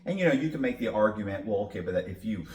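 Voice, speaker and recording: A lower-voiced man tells a story in a lively, swinging way, acting out every line of dialogue and cursing freely. The voice rings around an echoey room. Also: racing. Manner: profane, animated storytelling with acted-out dialogue. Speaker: podcast guest. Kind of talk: storytelling interview.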